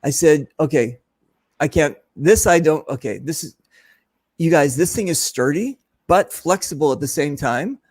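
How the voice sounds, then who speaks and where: A man hosting an informal conversation at an event booth, telling a story with lots of energy and acting out what others said. His voice sits a little high, and the sound is dry and close. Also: normal speed, breathy edge, no room sound. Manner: animated storyteller, mimics others in his stories. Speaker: host. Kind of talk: casual chat.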